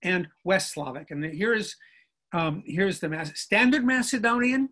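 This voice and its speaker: Speaking at normal speed, the older guest professor of linguistics has a high, sharp voice with lively intonation. His video-call lecture proceeds methodically, and he pauses to make sure listeners are following.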